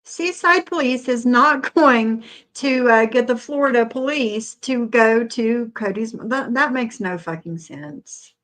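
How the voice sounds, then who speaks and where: A woman's voice: fairly high pitch, animated, slow pace, hardly any pauses, a bit bright. A woman chatting bluntly on a live stream and swearing.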